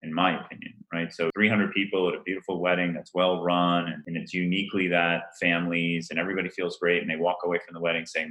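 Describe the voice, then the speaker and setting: Brief: deep, bright-toned man, forties, laughing, animated storyteller, roomy echo. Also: fast talker, few pauses. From Rhode Island. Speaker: event planner guest. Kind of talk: casual interview chat.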